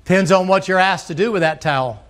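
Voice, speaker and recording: Folksy preacher, high-pitched voice. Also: male voice, quick pace. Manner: folksy, rising to emphatic shouts, acts out voices. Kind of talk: sermon.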